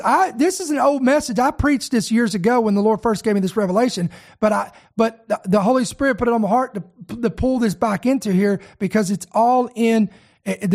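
Preacher, sermon, earnest, repeats key words, speaks straight to the listeners. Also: medium pitch.

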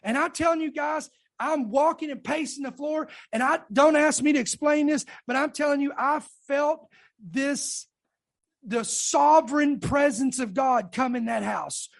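A woman preacher with a high voice delivers a fervent sermon testimony. She speaks with emphasis and calls out to her congregation as she tells it. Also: measured pace, creaky.

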